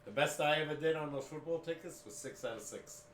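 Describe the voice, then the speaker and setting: A man's voice: fairly high pitch, fairly quick, fairly bright tone, reverberant, a little hiss or hum. A man co-hosting a sports podcast, talking steadily and plainly, reeling off team records in casual chat. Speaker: podcast co-host, father of the other host.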